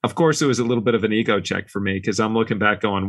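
Man, low voice, dry close sound, relaxed anecdotal podcast guest. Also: rapid-fire, dry recording. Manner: relaxed, anecdotal, acts out quoted dialogue. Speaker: business owner guest. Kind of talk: casual podcast storytelling.

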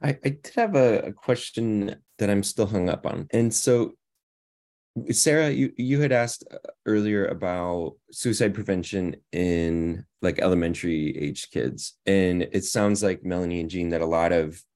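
A man's voice: sits low, a little slow, a little mellow. A man co-hosting a podcast who asks a question hesitantly and thoughtfully, restarting as he goes. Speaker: podcast co-host. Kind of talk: podcast interview.

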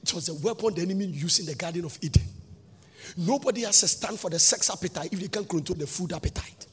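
A man's voice: sits high, fast talker, husky. A man preaching a sermon as a pastor, in a sing-song cadence full of questions to the congregation. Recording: long hall reverb with faint music.

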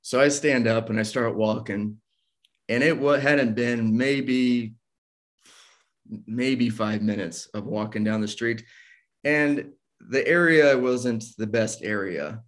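A man in a relaxed spoken testimony, recounting his past with easy humor. His voice sits in an ordinary middle pitch, and he chuckles at his own misfortunes as he goes. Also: takes it slowly. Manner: casual, self-deprecating, laughs while telling. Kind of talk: personal storytelling, testimony.

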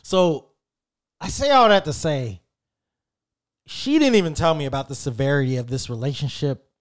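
A man in his thirties casually telling a story in an animated, slangy way, with frequent swearing. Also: fairly high pitch, normal speed. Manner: animated, profane, slangy and conversational.

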